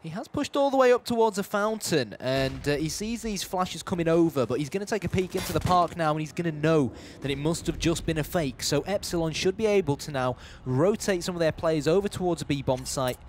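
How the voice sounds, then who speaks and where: Excitable esports caster, man. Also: fairly high pitch, brisk, hardly any pauses, slight background noise. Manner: excitable play-by-play, bursts of hype on kills. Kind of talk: live esports commentary.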